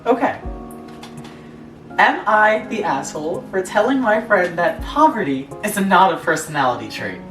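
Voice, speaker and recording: Reading stories aloud for a casual podcast chat show, a young female co-host speaks at normal speed in a lowish, sing-song, slightly bright voice, adding sarcastic comments and laughing a lot. Her voice is distant and off-mic, in an echoey room with faint music playing.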